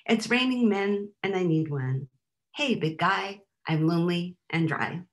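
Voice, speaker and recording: A woman poet giving a live poetry reading, with a wry deadpan delivery and chatty asides between poems. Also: on the low side, measured pace, noisy background.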